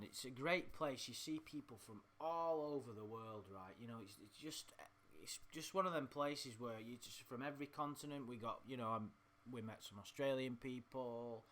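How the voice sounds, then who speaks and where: A man's voice: mid-range voice, bright, forceful tone. An English man reading out chat logs and ranting in a sweary, mocking, rambling way. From England. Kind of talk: casual reading and ranting commentary.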